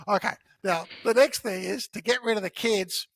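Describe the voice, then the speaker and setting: High-voiced man explaining sales tactics. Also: a little fast, few pauses, no room sound. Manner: animated storyteller who acts out dialogue. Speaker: podcast guest, sales author. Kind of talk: conversational teaching.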